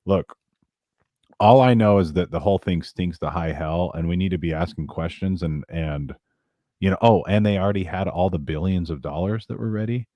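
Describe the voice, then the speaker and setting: A man's voice: sits low, normal speed, mellow, dry recording. A man talking as a guest on a casual podcast, rambling with many restarts.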